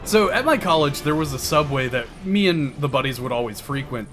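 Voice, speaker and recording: Man streaming a game, animated up-and-down pitch, chatty and cursing, game music under him. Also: brisk. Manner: chatty, swears when hit, explains tactics. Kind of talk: casual gameplay commentary.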